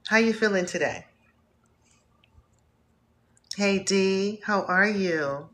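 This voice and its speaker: A woman from Northeast Ohio hosting a live stream, warmly greeting viewers by name in an effusive, upbeat way. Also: medium pitch, a little slow. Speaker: host.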